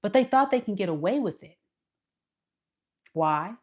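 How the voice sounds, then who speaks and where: A woman giving a casual tarot reading straight to the viewer, expressive and dramatic as she acts out what the other person thinks. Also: mid-range voice, a little slow. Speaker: tarot reader.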